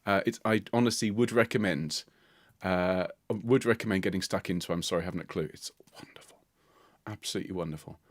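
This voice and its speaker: A man's voice: low-pitched, fairly quick, no room sound. A British man leading a choir livestream, chatting in a playful, jovial way and laughing often. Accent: British English. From United Kingdom. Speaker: choir leader hosting a livestream.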